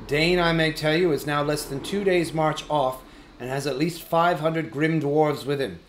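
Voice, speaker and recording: A man voicing a small, fussy, businesslike male hobbit in an audiobook, prim and a little squeaky. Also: moderate pace, a little hiss or hum, lightly acted. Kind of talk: audiobook character reading.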